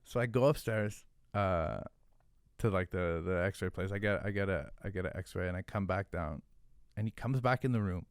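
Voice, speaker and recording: A young man with a fairly low voice tells a story on a podcast, swearing freely and packing his talk with fillers. The sound is close and dry, with no room around it. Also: normal speed, smooth, no room sound. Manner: profane, animated, lots of fillers. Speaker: podcast guest, hot sauce founder. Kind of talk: casual storytelling.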